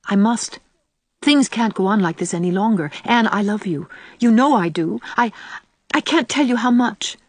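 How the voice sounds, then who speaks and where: A woman reading the lines of an earnest young man, quiet and steady in her delivery. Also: medium pitch, moderate pace, no echo, voice pushed up, lightly acted.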